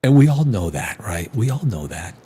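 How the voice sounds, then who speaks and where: A man's voice: lowish voice, big pitch swings, moderate pace, mellow, breathy edge. A man hosting a live stream in casual chat, rambling and profane, with many restarts. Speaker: live show host.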